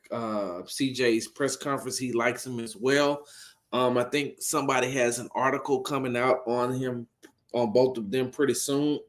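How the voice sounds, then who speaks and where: A man hosting a casual sports talk livestream, animated and incredulous, repeating himself as he gets worked up. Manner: animated, incredulous, repeats himself, rising pitch when riled up. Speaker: host of a sports talk stream.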